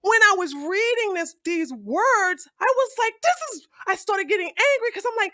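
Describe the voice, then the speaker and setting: A woman streams her commentary in a high, bright voice, blunt and sassy, with plenty of swearing. The sound is dry and close, with almost no room around it. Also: expressive, moderate pace, few pauses, no room sound. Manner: blunt, heavy cursing, rising to loud outbursts; sassy, calls listeners baby and honey.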